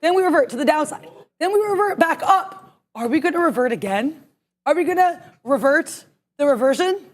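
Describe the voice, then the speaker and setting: A woman calling her trades on a live market stream, excitable and emphatic, half talking to herself. Her voice sits high, and the words tumble out at a rapid clip. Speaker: day trader co-host. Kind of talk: live trading stream commentary.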